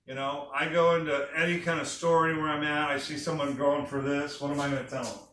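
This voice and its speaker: Energetic man presenting in an echoey room. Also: fairly high pitch, fast. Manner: energetic, enthusiastic, talks to the room with questions. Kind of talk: sales presentation to a small group. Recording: echoey room from a distant mic with faint noise.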